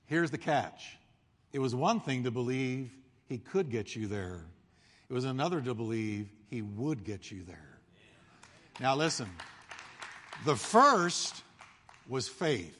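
A male pastor preaches in a lively storytelling style, jumping into the voices of the people in his story. His voice sits a bit high for a man. The sound rings with the long reverb of a big hall. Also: unhurried, pauses often. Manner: animated storytelling, acting out crowd voices. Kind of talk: sermon.

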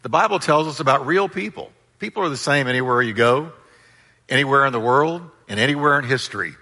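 A man's voice: mid-range voice, lively intonation, brisk, bright, forceful tone, in a large hall. A man preaching a sermon as pastor, with emphatic delivery and call-and-response with his congregation.

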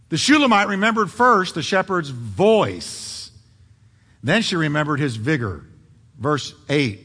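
A man preaching a sermon, swinging from loud emphatic peaks to hushed quiet asides. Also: fairly high pitch, sing-song, unhurried, husky, long reverb tail.

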